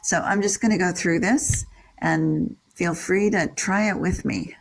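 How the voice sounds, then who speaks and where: An older person leading a scripture class, chanting Sanskrit syllables slowly and explaining verse meter and word meanings in a casual way. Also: mid-range voice, vocal fry, poor audio. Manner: reads out word-by-word glosses in a steady list. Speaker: leader of a scripture reading class.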